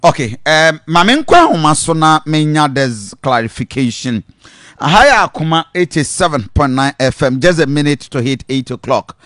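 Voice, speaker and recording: Ghanaian male radio host, brisk, a touch high, dry studio sound. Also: a bit bright, dry recording. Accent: Ghanaian English. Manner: brisk, prompting with short acknowledgements. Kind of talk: radio interview.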